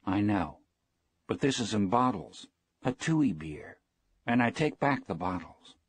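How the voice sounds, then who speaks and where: Caring young boy in a storybook reading, voiced by a man, unhurried, dry close sound. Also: lowish voice, big pitch swings, no echo, pitched above the performer's own voice. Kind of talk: audiobook reading.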